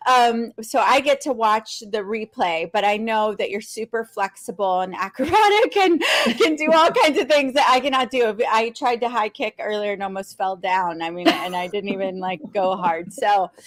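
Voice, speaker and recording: A woman's voice: medium pitch, fairly bright tone. A woman hosting an online summit livestream, bubbly and playful, often laughing. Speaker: livestream host.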